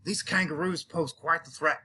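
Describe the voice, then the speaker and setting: Guy teacher with a cold doing a goofy safari guide bit, lots of oi and crikey, bright forceful voice. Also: a little high, fairly even intonation, moderate pace, a little hiss or hum. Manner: hammy safari-guide act with Aussie slang like "oi" and "crikey". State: has a cold. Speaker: teacher hosting a mock safari. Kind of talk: playful mock nature-documentary narration.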